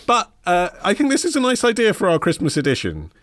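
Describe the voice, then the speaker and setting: A man's voice: sits high, wildly swooping pitch, a little fast, a bit bright, no echo, studio quality. A man hosting a podcast in casual chat, wry and facetious, summing up his co-host's ideas. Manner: wry, facetious, sums things up. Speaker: podcast host.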